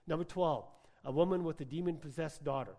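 A man preaching a sermon in a church hall, talking quickly and emphatically and pausing for rhetorical questions to the congregation. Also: fairly high pitch, a little mellow. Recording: long hall reverb.

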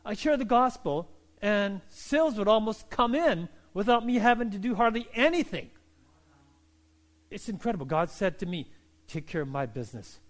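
Pastor, male, middle-aged, high voice; fervent sermon delivery, calm then loud. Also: normal speed. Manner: builds from calm teaching to loud, fervent preaching.

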